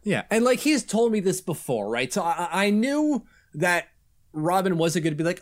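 A man's voice: high-pitched, big pitch swings, normal speed. A man co-hosting a casual hockey podcast, talking loosely and laughing often. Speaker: podcast co-host.

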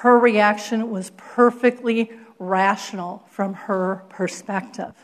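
Animated woman telling a story. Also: mid-range voice, slow. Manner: animated storyteller, acts out quotes, laughs often. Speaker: keynote speaker. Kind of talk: storytelling keynote.

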